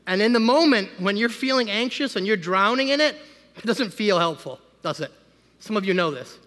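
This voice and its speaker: A man, a pastor, giving a conversational sermon that rises into loud, emphatic preaching. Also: high-pitched, animated, normal speed. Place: church sanctuary. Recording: long hall reverb.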